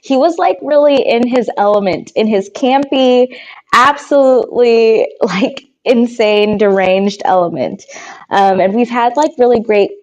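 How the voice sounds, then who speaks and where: A woman with a Midwestern American accent, a television co-producer talking as a guest in a casual interview, bubbly and quick to laugh. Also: fairly high pitch, darkish tone, highs cut off. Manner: bubbly, laughs often, full of "like".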